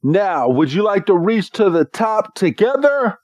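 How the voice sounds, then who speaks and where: A man's voice: high voice, very animated, a little slow, darkish tone, no room sound, voice pushed up. A man putting on the voice of an intense, chivalrous knight trainer, with grand, solemn proclamations. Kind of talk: podcast recap impression.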